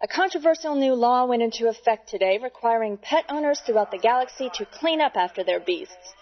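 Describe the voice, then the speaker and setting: A woman playing a polished news anchor in a spoof newscast, with a smooth newsreader delivery. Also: on the high side, animated, brisk, natural voice. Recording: dull lo-fi with faint music.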